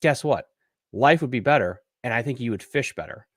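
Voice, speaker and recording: A man's voice: medium pitch, expressive, fairly quick, breathy edge, dry recording. Guy hosting a fishing podcast, blunt and ranty, swears a lot, dry close mic. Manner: blunt, profane, ranting. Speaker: podcast host. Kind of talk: casual live-stream rant and Q&A.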